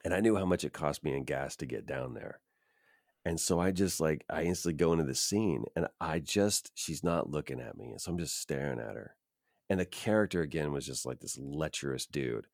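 Deep-voiced man telling a rambling story. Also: lively intonation, fairly quick, creaky, a little mellow, dry recording, clean studio sound. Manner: rambling, self-deprecating, many fillers. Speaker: actor guest. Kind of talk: casual storytelling.

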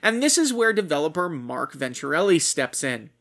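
A man's voice: on the high side, very animated, normal speed, vocal fry, a bit bright. A man co-hosting a casual gaming news podcast, profane and punchy, reading stories and quotes aloud. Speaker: podcast co-host.

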